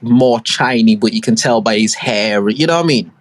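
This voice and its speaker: Husky man telling a long story. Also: medium pitch, moderate pace, no echo. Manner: rambling storytelling full of slang and fillers. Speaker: podcast co-host. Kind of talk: casual chat.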